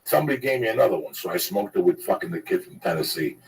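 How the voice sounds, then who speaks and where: A man's voice: mid-range voice, wildly swooping pitch, quick pace, gravelly, recorded from a distance, low-quality recording. A man telling a rambling, profane story in casual chat, laughing at his own tale.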